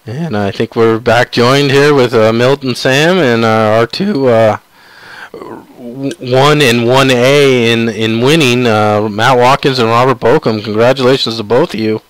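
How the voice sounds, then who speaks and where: A man hosting a live sim racing broadcast, talking in a halting way full of fillers. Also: mid-range voice, no echo, low-quality recording. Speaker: broadcast host.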